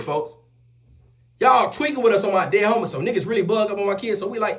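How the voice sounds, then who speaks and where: A young man telling a rough story in casual street slang, animated and profane, repeating oaths after every line. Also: high-pitched, fast talker. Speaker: storyteller vlogger.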